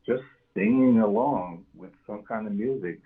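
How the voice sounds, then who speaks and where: A man's voice: on the low side, measured pace, husky. An older man, a grandfather, calling in to a podcast and talking earnestly and reflectively. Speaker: caller. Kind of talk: casual chat. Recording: tinny phone line.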